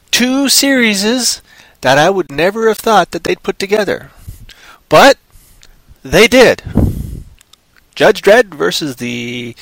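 A man's voice: a little high, lively intonation, moderate pace, long pauses, fairly bright tone, no room sound. A man hosting a casual comic book show, talking in a chatty, jumpy, playful way and throwing in sound effects. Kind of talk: casual live-stream chat.

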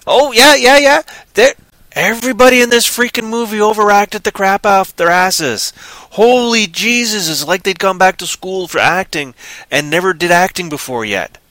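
A man's voice: sits high, normal speed, bright, forceful tone, no room sound. A man ranting sarcastically in casual chat about a movie he disliked. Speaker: movie reviewer.

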